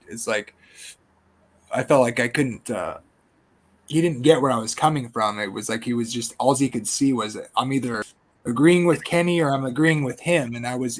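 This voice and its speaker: A man in a casual online group chat, talking hesitantly with many restarts. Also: medium pitch.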